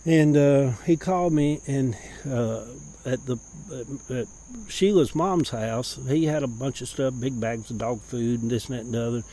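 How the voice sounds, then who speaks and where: A middle-aged man tells a personal story in a rambling, folksy way, restarting phrases and clearing his throat. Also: medium pitch, normal speed, dark tone, rough recording.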